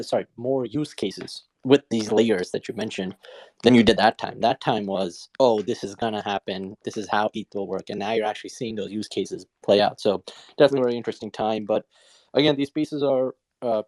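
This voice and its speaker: Low-voiced easygoing male chat host. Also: darkish tone, dry recording. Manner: easygoing, hedges with "I think" and "uh". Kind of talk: casual audio-chat hosting.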